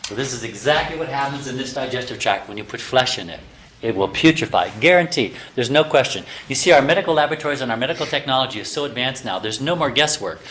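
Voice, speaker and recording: A man giving a lively health lecture to a class of students, teasing his listeners and firing rhetorical questions at them. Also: mid-range voice, fast talker, slight background noise. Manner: animated, teasing, full of rhetorical questions to the audience. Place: talking to a live class of students.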